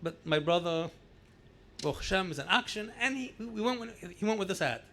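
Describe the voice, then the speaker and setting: High-voiced man telling family stories. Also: a little fast, a little hiss or hum. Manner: animated anecdotal storytelling, repeats words for emphasis. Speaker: rabbi sharing memories at a gathering. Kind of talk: storytelling speech.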